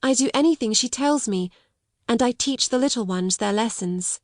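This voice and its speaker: Quiet sad little orphan girl in a storybook, read by a woman, higher voice, dry sound. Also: moderate pace, no echo, lightly acted. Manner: quiet, steady, unrelenting.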